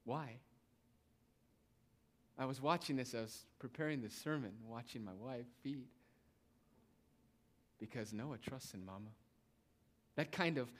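A man's voice: medium pitch, moderate pace, pauses often. A young man preaching a sermon, emphatic and repetitive, addressing his listeners as beloved. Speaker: pastor.

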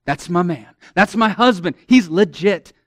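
A man's voice: high-pitched, animated, unhurried, dry recording, studio quality. A man voicing a devoted ancient wife who fondly murmurs praise of her husband under her breath. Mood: admiring.

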